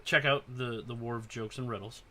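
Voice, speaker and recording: Bright-voiced man in casual chat. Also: medium pitch, fairly quick. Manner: excited, profane, loud when acting out scenes. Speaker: podcast host.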